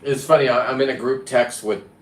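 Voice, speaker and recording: In a medium-pitched voice with a steady tone, a free diver and vlogger talks fairly quickly to the camera about diving. He's casual, rambling and blunt with the occasional swear word; there's a roomy echo and faint background noise.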